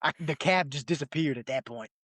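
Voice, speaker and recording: A man's voice: a little high, a little fast, a bit bright, dry recording. A young man co-hosting a casual podcast, talking loosely with slang and frequent laughs. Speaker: podcast co-host. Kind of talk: casual chat.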